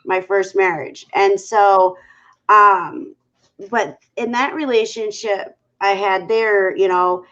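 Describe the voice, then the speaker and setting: A woman panel guest telling stories in a casual chat, animated and full of fillers. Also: mid-range voice, slow, muffled recording. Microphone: video call.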